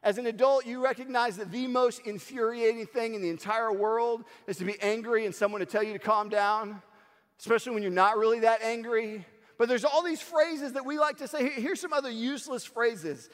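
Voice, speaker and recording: A man preaching a sermon, telling stories in an animated way and acting out the lines he quotes. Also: very high-pitched, fairly quick. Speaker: pastor. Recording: long hall reverb.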